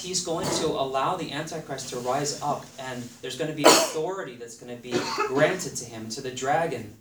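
The preacher here has a fairly bright, mid-range voice and an earnest delivery, reading scripture aloud and repeating phrases to stress them. He is somewhat far from the mic in an echoey room, with faint noise in the background.

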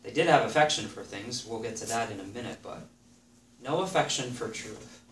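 A man's voice: medium pitch, expressive, brisk, fairly bright tone. Man, preacher, earnest sermon, repeats key phrases, distant mic. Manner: earnest, repeats phrases for emphasis, reads scripture aloud. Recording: echoey room, voice somewhat far from the mic, faint background noise.

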